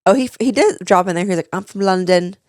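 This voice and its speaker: A young woman co-hosting a podcast, telling stories in an animated, chatty way. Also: medium pitch, fast talker, no room sound, studio quality. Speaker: podcast co-host. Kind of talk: casual chat.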